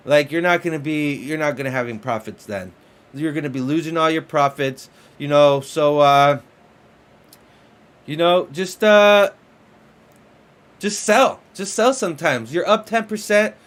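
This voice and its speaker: Chatty, excitable man hosting a crypto stream. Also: on the high side. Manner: excitable, repeats himself, lots of fillers. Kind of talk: casual livestream commentary.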